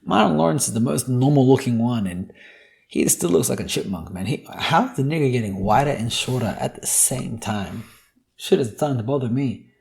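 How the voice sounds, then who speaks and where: A gravelly-voiced young man riffing alone on his podcast. He swears freely and jokes through his rant, with a mid-pitched voice. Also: expressive, moderate pace, darkish tone. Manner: profane, joking, ranting. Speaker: podcast host. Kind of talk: casual solo podcast monologue.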